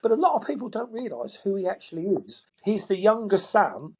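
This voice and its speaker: Chatty koi dealer, bright voice. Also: male voice, high-pitched, big pitch swings, fairly quick, slight background noise. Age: middle-aged. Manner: chatty, acts out quotes, chuckles, repeats words. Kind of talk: anecdotal storytelling.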